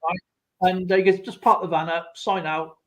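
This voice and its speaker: A man's voice: high-pitched, little pitch movement, normal speed, a bit bright. A man hosting a live stream, telling a rambling story and acting out what other people said, with laughs along the way. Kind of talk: casual storytelling chat.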